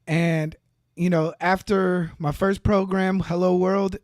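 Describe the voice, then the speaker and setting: Fortyish man; relaxed guest recorded dry and close. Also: high-pitched, takes it slowly, dry recording. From Texas. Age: 40s. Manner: relaxed, laughs easily, talks with fillers. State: slightly hoarse from allergies. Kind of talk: casual interview chat.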